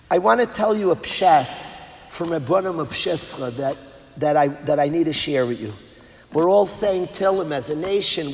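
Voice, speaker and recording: A man giving an impassioned sermon as a rabbi, swinging between hushed words and loud, sing-song passages. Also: fairly high pitch. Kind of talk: sermon to an audience of educators. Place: large hall at an event. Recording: long hall reverb, faint background noise.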